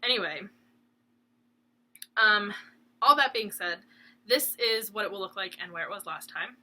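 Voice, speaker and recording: A young woman with an animated, pushed, bright mid-range voice hosts a cross stitch channel from a room at home, speaking at a measured pace. She chats and rambles casually to camera, laughing often and talking to her dog.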